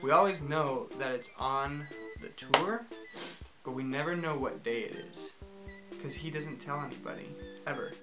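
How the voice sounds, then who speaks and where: A young man recaps his tour day in a chatty voice, laughing between his sentences. He speaks at a middle pitch, and music plays clearly under him. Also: normal speed, poor audio. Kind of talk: casual vlog recap.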